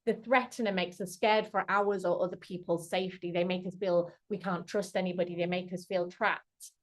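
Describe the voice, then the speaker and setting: A woman's voice: fairly low pitch, steady tone, normal speed. Earnest woman speaking on a webinar. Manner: earnest, acts out quoted dialogue with restarts. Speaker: charity chief executive speaking at a webinar. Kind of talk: talk on domestic abuse. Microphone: computer mic on a video call.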